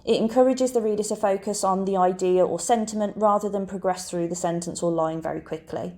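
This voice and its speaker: A woman narrates a scripted lesson as a teacher. Her voice is mellow and relaxed, set at a middle pitch. She explains in a clear, measured way.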